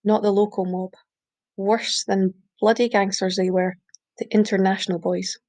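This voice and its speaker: A woman reads a short story aloud in a mid-pitched voice. Her reading is steady and unhurried, with the odd slip she stops to correct. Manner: steady reading with small slips and self-corrections. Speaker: reader. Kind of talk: audiobook reading.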